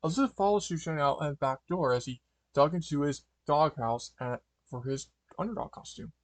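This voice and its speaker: A man's voice: on the high side, expressive, moderate pace, dry recording. A man reading a fan story aloud, stumbling, restarting and correcting words as he goes. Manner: stumbling, frequent restarts and fillers. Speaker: fanfiction reader.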